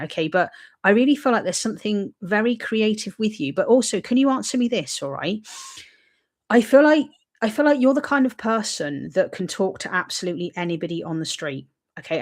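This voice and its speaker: A woman hosting a live-streamed psychic reading, talking in a chatty, reassuring, rambling way, with lots of fillers and frequent "okay?" check-ins. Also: fairly low pitch. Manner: filler-heavy, rambling delivery. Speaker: psychic medium host.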